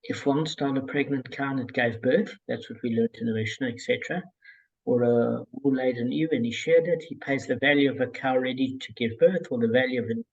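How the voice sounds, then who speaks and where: Man, gravelly, husky, relaxed digressive group study leader, lots of fillers, muffled call audio. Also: mid-range voice.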